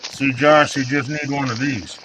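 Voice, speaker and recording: A man's voice: mid-range voice, fairly even intonation, normal speed, a bit bright, slight background noise, poor audio. A man talking bluntly and swearing heavily in a streamed voice chat. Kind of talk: casual banter.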